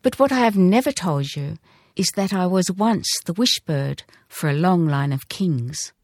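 A woman reads the part of a very old male hoopoe bird from a storybook, grave and gentle. He speaks slowly, solemnly, and expressively, full of quiet sorrow. Her voice sits a little low and sounds dry and close, with no echo.

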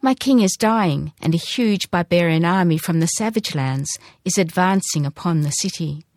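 A very old male hoopoe bird from a storybook, read by a woman, grave and gentle. He speaks slowly and solemnly, full of quiet sorrow. The voice sits a little low and sounds dry and close. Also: no room sound, close to an everyday voice.

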